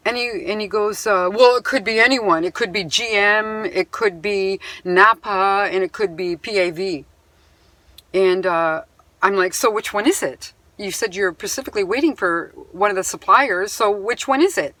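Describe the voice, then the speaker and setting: Speaking to camera with a medium-pitched, slightly bright voice, this indignant Canadian vlogger vents about a personal grievance. Her retelling is emphatic and punctuated by sighs as she reads items from a bill, captured in a dry, close recording.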